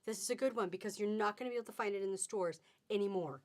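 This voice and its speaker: A woman's voice: mid-range voice, racing. A middle-aged woman hosting a live fabric sale on webcam, chatty and upbeat with sing-song exclamations. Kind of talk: live-stream selling chat.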